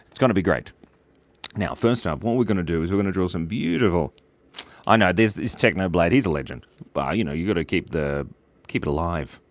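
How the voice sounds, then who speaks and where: A man's voice: low voice, no room sound. A man hosting a live drawing stream, chatting playfully and reading out viewer names. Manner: playful, rambling, reads chat names aloud. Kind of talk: casual live-stream chat while drawing.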